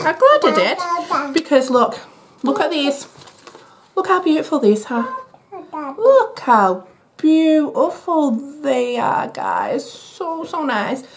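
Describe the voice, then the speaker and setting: A young woman talking to camera in a family vlog, gushing and sing-song as she coos at her children. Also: high voice. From England. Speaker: family vlogger. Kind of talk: casual vlog talk to camera. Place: shops and home.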